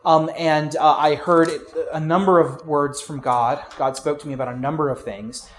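A man preaching a sermon in a conversational way, with fillers and restarts, going from loud emphasis to quiet asides. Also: fairly high pitch, fairly even intonation, moderate pace. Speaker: pastor.

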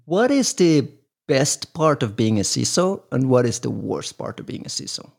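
A Caribbean-accented man hosts a podcast with enthusiasm, repeating words and asking "right?" after his points. His voice sits at a middle pitch with a gravelly, fry-laden texture. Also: very animated, normal speed, a little mellow. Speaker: podcast host. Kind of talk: casual podcast conversation.

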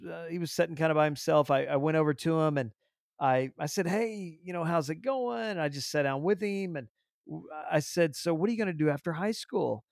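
A man hosting a podcast, telling a story with lively acted-out dialogue and frequent repeated words. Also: mid-range voice, creaky, no room sound, clean studio sound. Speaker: podcast host. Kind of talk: casual storytelling interview.

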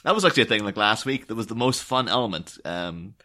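Bright-voiced man chatting. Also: on the low side, fast. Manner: animated, slips into silly impressions. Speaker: podcast co-host. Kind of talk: casual chat.

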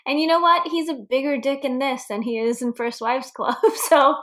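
A woman's voice: high-pitched, normal speed, a bit bright. A woman co-hosting a casual movie chat, blunt, laughing often and swearing freely. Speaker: podcast co-host.

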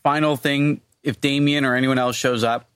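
A man's voice: mid-range voice, steady tone, normal speed, a bit bright, clear, resonant tone, no room sound. A man co-hosting a podcast in casual chat, playful and teasing. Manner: playful, teasing, talks while eating. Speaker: podcast co-host.

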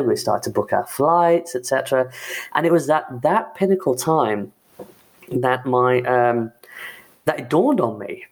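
A man with a gravelly, creaky voice shares a personal workplace story. He is an IT manager, and he talks haltingly, leaning on "you know" and "um" between thoughts. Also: mid-range voice.

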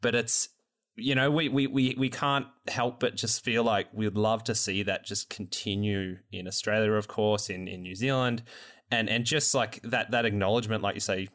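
A man's voice: fairly low pitch, steady tone, moderate pace, a bit bright. A man hosting a casual podcast chat, rambling with frequent restarts and fillers. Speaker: podcast host.

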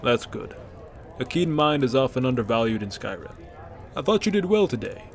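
A man voicing a venerable, wise old warrior leader with calm dignity. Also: mid-range voice, normal speed, lightly acted.

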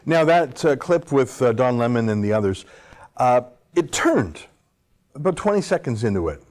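A man's voice: medium pitch, very animated, moderate pace, a little mellow. A man delivering an opinionated political monologue, full of sarcastic asides and rhetorical questions. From Canada. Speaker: political commentator host.

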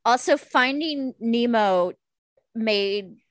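A woman's voice: on the high side, animated, very slow, a bit bright, no room sound. A woman co-hosting a podcast, reacting with crude wisecracks and exclamations in casual banter. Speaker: podcast co-host.

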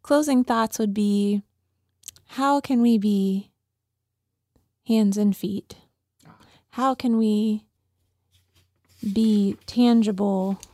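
A woman's voice: medium pitch, vocal fry, warm tone, no room sound, studio quality. A woman co-hosting a faith podcast, chatting casually with a hesitant, filler-laden manner. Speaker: podcast co-host.

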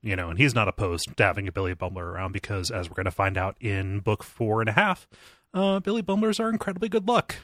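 A man's voice: lowish voice, animated, fast, fairly bright tone, no echo, clean studio sound. A man hosting a casual book-discussion podcast, explaining at length with lots of fillers. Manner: rambling, filler-heavy explaining. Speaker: podcast host.

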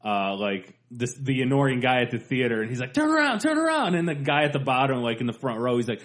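A man at a medium pitch, chatting on a podcast. He retells comedy sketches with lots of laughter and bursts into loud quoted lines as he tells them. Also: fairly even intonation, fairly quick. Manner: laughing storyteller, acts out quotes loudly. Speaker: podcast co-host. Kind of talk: casual chat.

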